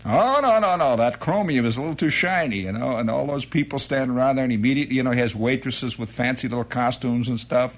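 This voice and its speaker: A man's voice: fast talker, few pauses. A middle-aged man telling a rambling comic monologue, jumping into quoted voices and exclamations. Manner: rambling, animated storytelling with sudden high-pitched quoted exclamations. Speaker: comedian.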